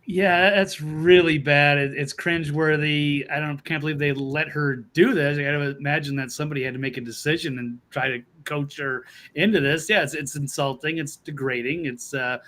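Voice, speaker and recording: A man on a talk-show panel, speaking in a halting, filler-heavy way with a disapproving tone. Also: a little high, steady tone, a bit bright. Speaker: regular panelist. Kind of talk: casual talk show banter.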